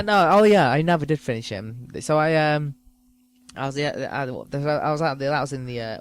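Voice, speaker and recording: A man talks alone into his podcast mic, rambling and crude. He mocks himself with a loose, meandering comic delivery, his voice sitting in an ordinary middle pitch. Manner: crude, rambling, self-mocking. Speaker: podcast host.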